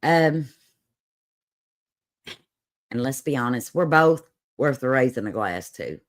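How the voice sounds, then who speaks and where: Slow, low Appalachian Southern woman. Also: expressive. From Southern United States, Appalachian holler. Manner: folksy and sassy, laughs often. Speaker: livestream host. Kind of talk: casual chat on a livestream.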